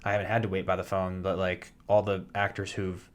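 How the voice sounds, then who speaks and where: A man in his thirties talks loosely in a relaxed podcast chat. His voice sits somewhat low, and he wanders through his thoughts with lots of fillers and restarts. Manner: rambling, halting, with many fillers and restarts. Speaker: podcast co-host, soap actor. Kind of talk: casual chat.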